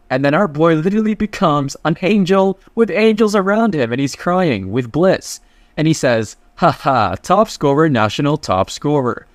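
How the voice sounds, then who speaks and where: A man's voice: fairly high pitch, animated, normal speed, no room sound. A man retelling a comic story in a loose, chatty, slangy way, reading the characters' lines as he goes. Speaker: manhwa recap narrator. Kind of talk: casual story recap narration.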